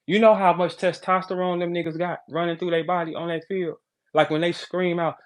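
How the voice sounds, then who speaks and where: A man hosting a podcast, ranting in a brash, profane, animated way, jumping between loud outbursts and low asides. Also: normal speed. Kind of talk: casual podcast rant.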